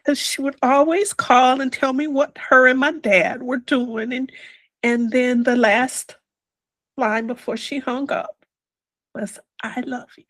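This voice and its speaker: An older woman telling her personal story as an interview guest, slow and reflective, dropping to a whisper on quoted words. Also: sits high, steady tone, a bit bright, dry recording, low-quality recording.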